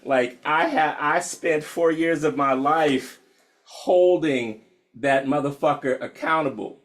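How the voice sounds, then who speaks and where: A man's voice: a little high, slow, fairly bright tone. A young adult man from the United States leading an online meditation session, frank and profane, laughing often and calling listeners y'all. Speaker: meditation teacher. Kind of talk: casual talk opening an online meditation session.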